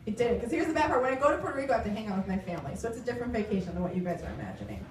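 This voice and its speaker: A woman's voice: a little high, very animated, racing, far from the mic. A woman in her twenties doing a self-deprecating stand-up comedy set, full of "like". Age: 20s. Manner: wry, self-deprecating, lots of "like". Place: comedy club stage. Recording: roomy club sound from off-mic with loud audience noise. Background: audience laughter.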